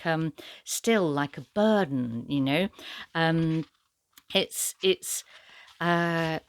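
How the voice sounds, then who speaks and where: In a low-pitched voice with no room sound, a woman who vlogs about books gives a chatty, casual review-style talk on translated poetry, hesitating often and filling pauses with lots of fillers.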